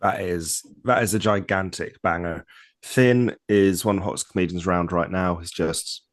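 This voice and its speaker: A man's voice: low voice, steady tone, normal speed. A man in his thirties co-hosting a podcast in easygoing, enthusiastic casual chat. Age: 30s. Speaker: podcast co-host.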